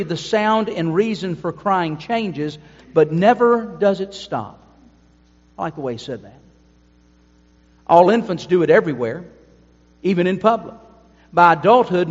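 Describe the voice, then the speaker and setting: A man preaching a sermon to his congregation, adding emphatic asides. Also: fairly high pitch. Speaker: pastor. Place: church sanctuary. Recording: dull sound with long hall reverb.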